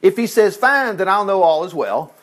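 A preacher reads David as a desperate hunted young man, voice high and swinging widely in pitch. His pleas come urgent and earnest, read straight from scripture. The reading stays close to a plain speaking voice. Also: very animated, normal speed, a bit bright. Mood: urgent pleading.

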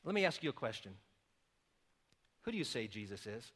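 A middle-aged man preaching a sermon, explaining calmly and then rising to loud, emphatic calls. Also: medium pitch, fairly quick, breathy edge. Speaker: pastor.

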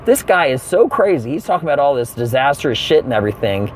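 A young adult man telling a comedic story, animated and profane, with sudden exaggerated outbursts. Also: medium pitch, fast, slight background noise.

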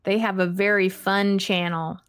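A woman chats casually on a livestream, reading out viewers' questions and answering in a warm, rambling way. She laughs often, stumbles and restarts her sentences, and pokes fun at herself. Her voice sits at a middle pitch, recorded close and dry with no room sound. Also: little pitch movement, a little slow, no room sound. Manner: chatty, giggly, self-deprecating, many fillers and restarts. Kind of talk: casual live chat.

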